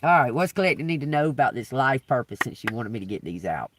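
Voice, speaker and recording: Man reading tarot live, loose and profane, mid pitch, sitting back from the mic. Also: sing-song, fast talker, distant mic, background noise. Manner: casual, swears freely and laughs often. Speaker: tarot reader.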